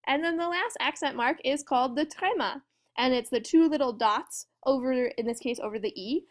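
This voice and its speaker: A woman's voice: sits high, normal speed. Friendly woman teaching a lesson. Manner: friendly, explanatory, asks students questions. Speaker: French teacher. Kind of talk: classroom lesson walkthrough.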